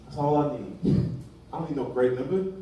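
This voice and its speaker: A pastor preaches in a church hall, keeping his sermon casual and colloquial and acting out bits of dialogue along the way. His mid-range voice has a dark tone and moves at a moderate pace. The recording is echoey and distant from the mic, with slight background noise.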